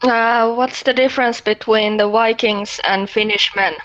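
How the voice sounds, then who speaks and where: A woman's voice: a little high, fairly even intonation, measured pace, fairly bright tone. A woman telling jokes in a matter-of-fact way in casual chat. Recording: dull lo-fi mic.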